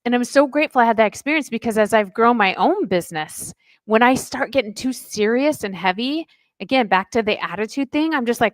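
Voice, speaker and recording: A middle-aged woman, a life coach, telling a lively personal story as a podcast guest, acting out the dialogue. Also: fairly high pitch, a little fast, no echo. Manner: chatty, animated storyteller who acts out dialogue. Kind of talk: casual interview storytelling.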